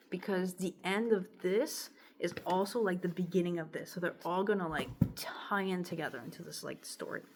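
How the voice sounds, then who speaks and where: A woman's voice: fairly low pitch, a little hiss or hum. A woman talking casually to camera about her songwriting and reading her own lyrics aloud, rambling and chatty, with an itchy throat. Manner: rambling and chatty, heavy use of "like", softening into murmurs when emotional. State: throat itching.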